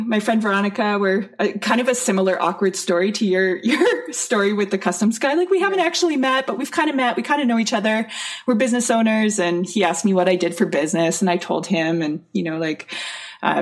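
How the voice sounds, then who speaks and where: Woman telling a lively story. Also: lowish voice. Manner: animated, laughing storyteller who acts out quotes. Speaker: guest, nutrition and wellness consultant. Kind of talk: casual storytelling.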